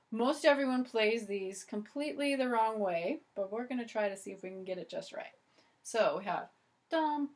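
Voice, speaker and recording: A woman teaching violin in a video lesson, chatty and encouraging, with many "so" and "okay" starts. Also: on the high side. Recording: loud violin playing between phrases.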